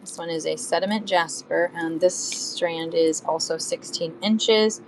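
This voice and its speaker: A woman's voice: lowish voice, measured pace, slight background noise, low-quality recording. A woman talking casually while selling bead strands on a live stream, counting beads and humming to herself as she works. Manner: chatty, counts beads aloud, hums while working. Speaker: live shopping seller.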